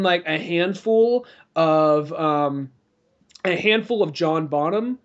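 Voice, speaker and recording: A man co-hosting a podcast, telling a rambling story in casual chat with lots of fillers and laughs. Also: sits high. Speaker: podcast co-host. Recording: dull lo-fi podcast audio.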